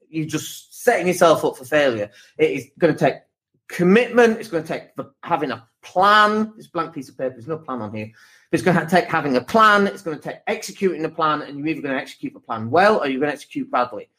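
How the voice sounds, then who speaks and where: A man's voice: fairly high pitch, lively intonation, quick pace, fairly bright tone. A man hosting a podcast as a property coach, giving a blunt motivational monologue full of rhetorical questions and swearing.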